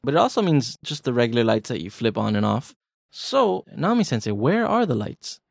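A man co-hosting a podcast lesson, joking and teasing while explaining grammar slowly. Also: mid-range voice, very animated, gravelly, no room sound, clean studio sound. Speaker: podcast co-host teaching Japanese. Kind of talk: casual language lesson banter.

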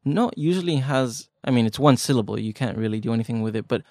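A man talks through a language lesson in a relaxed, chatty way, joking as he explains and piling on everyday examples. His voice sits mid-range, and the sound is close and dry with no room around it. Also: mid-range voice, fast talker, no echo. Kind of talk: casual podcast lesson.

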